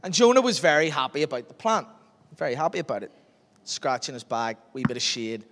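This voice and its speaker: Animated preacher man. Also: medium pitch, brisk. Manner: animated storytelling, acting out Bible scenes. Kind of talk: sermon. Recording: long reverb of a large hall.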